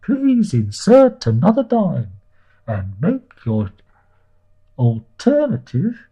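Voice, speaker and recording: A man doing a slow mechanical answering machine. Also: a little high, wildly swooping pitch, mellow, breathy edge, voice pushed up, full character voice, low-quality recording. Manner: slow repetitive recorded-message delivery.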